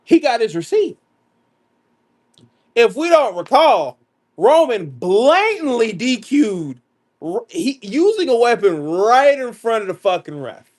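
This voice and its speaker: A man co-hosting a casual wrestling podcast, recounting a match in a lively, storytelling way. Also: very high voice. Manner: lively storytelling, quick agreeing interjections. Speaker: podcast co-host.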